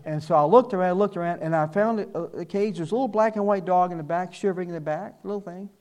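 A man's voice: high voice, fast talker, darkish tone. An older man giving a sermon, telling folksy personal stories and acting out the people he quotes. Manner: folksy storytelling, acts out quoted voices. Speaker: church speaker.

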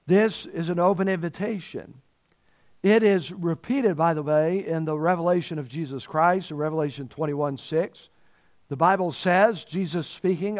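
High-voiced slow preaching man. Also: animated. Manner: emphatic preaching, repeats key phrases and stretches words for weight; reads scripture aloud in old-fashioned wording. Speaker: pastor. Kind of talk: sermon.

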